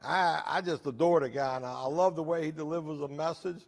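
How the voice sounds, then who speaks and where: A middle-aged man hosting a recovery meeting in a jail, telling stories in a lively, joking, plainspoken way. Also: fairly high pitch, brisk, gravelly, heavy reverb, far from the mic. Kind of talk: motivational storytelling to inmates.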